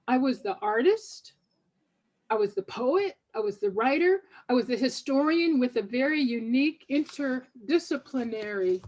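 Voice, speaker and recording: A woman's voice: high voice, a little mellow, muffled recording. An older woman, a poet, reading reflectively and devoutly from her book to an audience. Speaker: poet and author.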